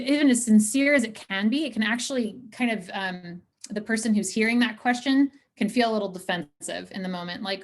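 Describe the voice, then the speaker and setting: A woman therapist speaking casually to an audience at a medium, ordinary pitch. Her delivery is chatty and earnest. She often checks in with a quick "right?" and leans on soft fillers as she thinks aloud. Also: vocal fry. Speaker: therapist giving a talk.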